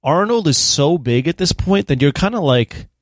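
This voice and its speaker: A man's voice: fairly high pitch, lively intonation, moderate pace, no room sound, clean studio sound. A man co-hosting a podcast in casual movie chat, laughing and acting out lines from films. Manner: laughing, acts out movie quotes, swears casually. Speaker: podcast co-host.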